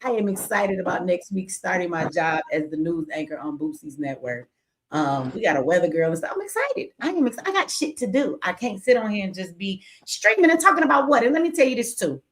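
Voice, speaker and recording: A woman's voice: on the low side, animated, fairly quick. Tired, blunt woman livestream host. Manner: blunt, candid, joking, reads super chats aloud. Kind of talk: casual livestream chat.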